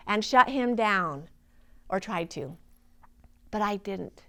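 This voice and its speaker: A woman's voice: medium pitch, lively intonation, slow, long pauses, sharp tone. A woman in her forties, a healing practitioner, giving an earnest, inspirational personal testimony.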